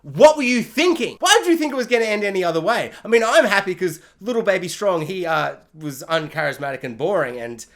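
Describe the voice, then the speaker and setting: A show reviewer in a casual comic rant, animated and sarcastic with lots of fillers. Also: medium pitch, brisk, hardly any pauses.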